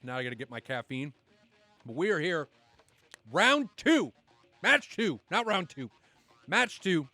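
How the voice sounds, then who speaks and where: A chatty man calls a live flight-simulation match with bursts of excitement and the odd swear word. His voice is bright and a touch high, and quiet music plays behind him. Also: a little slow, pauses often, dry recording. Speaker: esports commentator. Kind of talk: live stream commentary.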